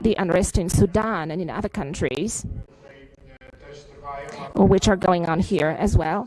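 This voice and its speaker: A woman giving a live interpretation of a formal press briefing, halting often with filler sounds and restarts. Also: fairly low pitch, darkish tone, rough recording.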